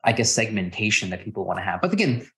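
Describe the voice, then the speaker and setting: A man's voice: on the low side, sing-song, quick pace, fairly bright tone. A man from Texas, a podcast guest in casual conversation, playfully acting out exchanges with strangers. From Texas, USA. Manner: playful, acts out quoted exchanges in a raised voice.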